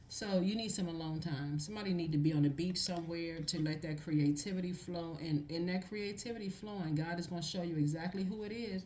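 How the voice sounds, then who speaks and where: Woman tarot reader with a lowish voice, emphatic, repeats lines for stress, faint noise underneath. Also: brisk, hardly any pauses, darkish tone. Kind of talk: casual tarot reading monologue.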